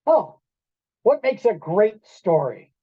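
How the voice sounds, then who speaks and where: A man giving a storytelling talk to an audience in a restaurant event room, animated, acting out quoted voices and quizzing the listeners. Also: high voice, slow pace, slightly rough, no echo. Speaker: keynote speaker. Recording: dull lo-fi dry sound.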